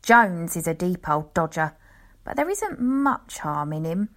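A woman voicing an old male lion tamer who tells a rambling, folksy tale in an unhurried way, as in a storybook reading. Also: fairly low pitch, very animated, fairly bright tone.

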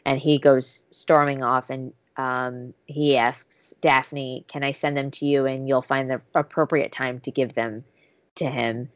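A woman's voice: rumbling low, a little slow, no room sound, muffled recording. A woman casually recapping a show's episode, retelling scenes with quoted dialogue. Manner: animated storytelling, acting out quotes. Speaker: podcast co-host recapping a show. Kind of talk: casual chat.

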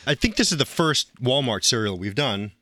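A man co-hosting a casual cereal review, teasing his partner and steering the show. His voice is bright, mid-pitched and very animated. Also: normal speed, no echo. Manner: playful and bossy, teasing. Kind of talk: casual chat.

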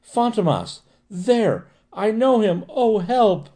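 A man's voice: medium pitch, big pitch swings, fairly quick, dark tone, close to an everyday voice. A man reading the part of a genteel woman patient who breaks into terrified screams, in an audiobook. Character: genteel middle-aged woman patient, panicky.

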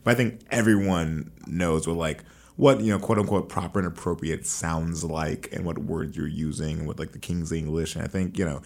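A man's voice: low-pitched, fairly even intonation, moderate pace, vocal fry, a little mellow. A man hosting a podcast, talking things over in a thoughtful way and searching for his words. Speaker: podcast host. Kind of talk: casual conversation.

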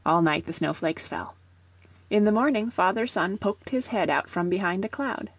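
A woman reading a children's storybook aloud in a gentle, even storytelling manner. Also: medium pitch, moderate pace, breathy edge, dry recording. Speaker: audiobook reader.

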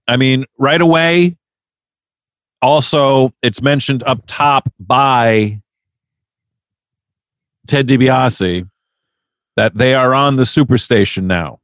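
A man's voice: medium pitch, a bit bright, no echo. A man hosting a casual podcast, animatedly recapping events with profane, storytelling energy. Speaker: podcast host.

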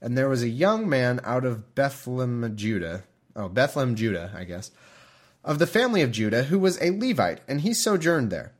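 A man's voice: medium pitch, big pitch swings, moderate pace. A man hosting a podcast, reading scripture aloud and breaking off into chatty, bemused commentary, laughing often. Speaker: podcast host.

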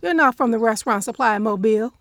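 A woman's voice: fairly high pitch, lively intonation, fast, noisy background. An actress playing a suspicious, reclusive woman who gives blunt orders, in an audio drama. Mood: commanding. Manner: curt, commanding, dry put-downs.

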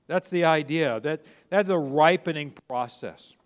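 A man's voice: fairly high pitch, measured pace, hardly any pauses, long reverb tail. A middle-aged male pastor preaching a sermon in a conversational way, often restarting phrases and acting out quoted speech.

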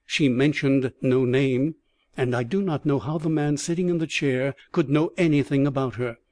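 A man reading a first-person novel aloud in a steady, clear narration. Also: medium pitch, moderate pace, no room sound. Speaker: audiobook reader.

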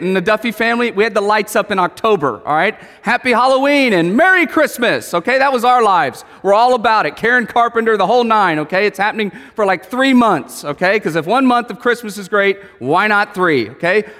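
High-voiced preacher in a big reverberant hall. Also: male voice. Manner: animated, asks the room questions, tells family stories. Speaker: pastor. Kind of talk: sermon.

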